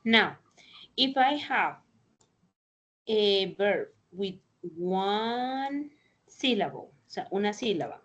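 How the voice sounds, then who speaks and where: A woman teaching an English grammar lesson over a video call, explaining slowly and deliberately. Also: mid-range voice, animated, a bit bright, highs cut off. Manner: slow, deliberate explanations with Spanish translations. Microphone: computer mic in a video call.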